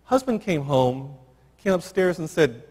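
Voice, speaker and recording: A man's voice: fairly high pitch, very animated, a little slow, a little mellow, slightly rough. A man giving a keynote address, telling a story animatedly and acting out the dialogue. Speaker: keynote speaker. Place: large assembly hall. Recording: long hall reverb.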